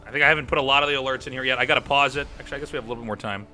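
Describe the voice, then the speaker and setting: A man's voice: mid-range voice, very fast, bright, forceful tone, soft background music. A man hosting a game stream, casting a match and chatting casually with viewers. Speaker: caster and stream host.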